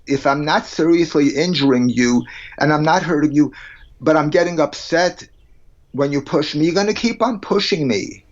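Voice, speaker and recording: Man, psychologist guest, podcast interview, emphatic, blunt, higher-pitched, muffled recording. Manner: blunt, emphatic, argues with plain hypothetical examples.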